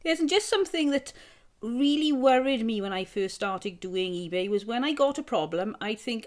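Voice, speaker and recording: A middle-aged woman with a fairly high voice tells stories in an earnest, reassuring way. She co-hosts a casual podcast and speaks plainly. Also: lively intonation, moderate pace. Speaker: podcast co-host. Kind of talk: casual chat.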